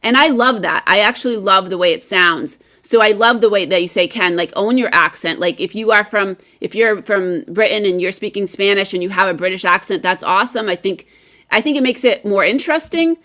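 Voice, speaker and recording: Bright, upbeat American woman. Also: mid-range voice, a little fast. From United States. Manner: enthusiastic, rambling with fillers. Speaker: guest English teacher. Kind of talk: casual video-call chat.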